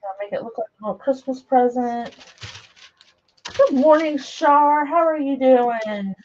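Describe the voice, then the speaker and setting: A middle-aged woman hosts a live craft stream from her home craft room, chatting casually, rambling as she works, and greeting viewers by name. Her voice is high-pitched, darkish, and a little slow. The camera mic picks her up as she moves around a table, giving dull, lo-fi live stream audio.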